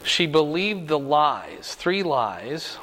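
A man's voice: a little high, sing-song, slow pace, a bit bright, a little hiss or hum. Man teaching a Bible study, echoey hall. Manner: conversational, frequent rhetorical "right?".

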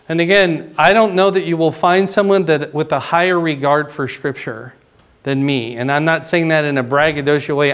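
Male pastor, fairly high voice, casual teaching sermon, keeps asking "right?", spikes up for emphasis. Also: fairly bright tone. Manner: conversational teaching, frequent "right?" and "okay?" check-ins; rises in pitch and volume for emphasis.

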